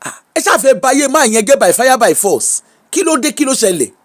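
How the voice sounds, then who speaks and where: A Nigerian woman talks through celebrity gossip as the host of her own show. She is exclamatory and unscripted, throwing in Pidgin and Yoruba asides as she reacts. The delivery is a relaxed, casual commentary. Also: high-pitched, quick pace.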